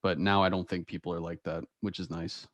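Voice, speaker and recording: Casting: young male podcast host, lowish voice, dry close sound, laughs easily while telling stories. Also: flat delivery, a little fast, dry recording. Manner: laughs often, storytelling with quoted voices. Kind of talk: casual chat.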